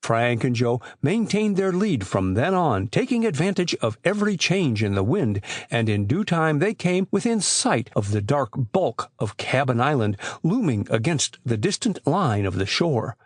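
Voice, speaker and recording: A man narrating a classic boys' adventure audiobook in a measured, expressive storytelling voice. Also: medium pitch, dry recording, clean studio sound. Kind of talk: scripted narration.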